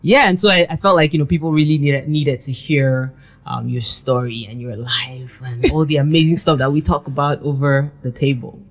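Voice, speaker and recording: A woman hosting an interview, welcoming her guest and asking unhurried questions. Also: sits low, fairly even intonation. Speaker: podcast host.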